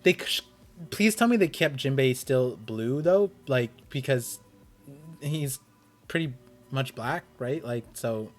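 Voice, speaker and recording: A man hosting a live stream, reading a comic aloud and reacting with quick, excited outbursts. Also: medium pitch, soft background music. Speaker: streamer and host.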